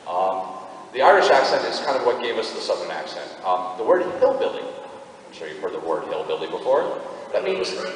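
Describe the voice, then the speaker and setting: A man's voice: on the low side, animated, brisk, slight background noise. A man speaking as a convention panel guest, rambling through explanations with frequent ums and restarts, recorded by a camera in the audience. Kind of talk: casual panel talk answering a fan. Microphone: fan camera in the audience, far off. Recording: echoey hall from far off.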